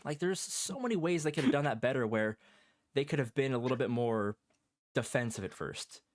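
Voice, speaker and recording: Animated man telling a gaming story. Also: medium pitch, fairly quick, dry recording, clean studio sound. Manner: animated storytelling, acts out his own thoughts. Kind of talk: casual chat.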